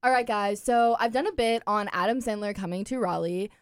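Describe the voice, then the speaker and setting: Relaxed young woman with filler ums. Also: medium pitch, a little fast, clean tone, no room sound. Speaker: podcast co-host. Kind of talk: casual events segment.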